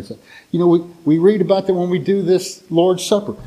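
A man's voice: fairly high pitch, fairly quick, darkish tone, rough recording. Folksy, rambling man preaching. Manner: rambling, folksy storytelling with restarts. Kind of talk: informal sermon with personal story.

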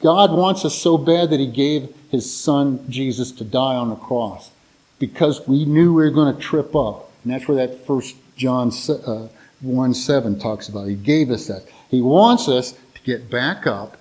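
A man's voice: medium pitch, a little slow, darkish tone, low-quality recording. A man preaching an informal sermon, telling a rambling, folksy personal story before reading scripture.

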